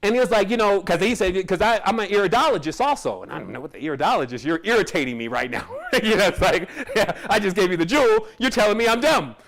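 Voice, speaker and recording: High-voiced man telling a rambling story. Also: animated, fast, few pauses, a bit bright. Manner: casual, rambling, with frequent laughs. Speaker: spiritual teacher. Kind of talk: personal storytelling monologue.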